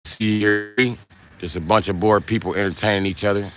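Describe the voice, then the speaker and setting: A man's voice: lowish voice, fairly even intonation, moderate pace. A man hosting a livestream who rants in a profane, combative way in casual talk. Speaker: livestream host.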